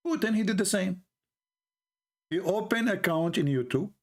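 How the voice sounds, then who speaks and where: A man's voice: sits high, expressive, moderate pace. Sarcastic man with a Middle Eastern accent. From Middle East. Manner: mocking, sarcastic, broken English. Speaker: show host. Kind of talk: sarcastic livestream monologue.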